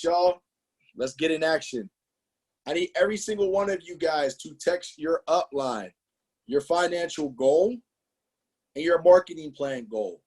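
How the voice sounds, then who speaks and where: A man leading a motivational sales training, emphatic and animated, throwing out rhetorical questions and slang. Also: fairly high pitch, breathy edge. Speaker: business trainer presenting to a team.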